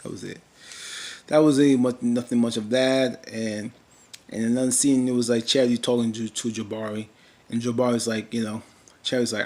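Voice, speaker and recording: A man's voice: medium pitch, fairly even intonation, fairly quick, a little mellow. A man casually recapping a TV drama episode, rambling with many fillers and restarts and briefly mimicking characters.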